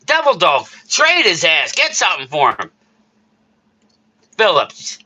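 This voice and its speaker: A man hosts a casual live stream, ranting about sports in a heated, worked-up way and calling out replies to chat. His voice sits high and sounds strikingly bright and forceful. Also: huge pitch swings, slow pace, breathy edge. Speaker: streamer host reading chat.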